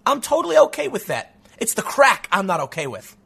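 Heated high-voiced male political commentator. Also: huge pitch swings, brisk, gravelly, sharp tone, husky. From Chicago, US. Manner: heated, sarcastic, repeats words and restarts. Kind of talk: opinion monologue reading news excerpts.

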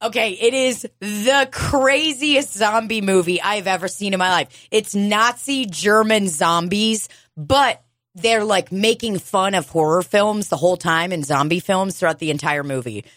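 A woman co-hosting a podcast, telling animated stories in casual chat, swearing and laughing often. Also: mid-range voice, unhurried, dry recording, studio quality. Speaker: podcast co-host.

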